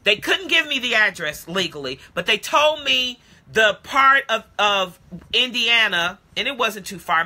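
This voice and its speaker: A woman preacher with a very bright, ringing voice tells a testimony as part of a sermon. She speaks right to her listeners and calls them beloved. Her delivery is dramatic and can drop to a hushed hush at solemn points. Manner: dramatic, drops to a hushed low voice at solemn moments. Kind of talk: sermon storytelling. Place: home, streamed live to social media.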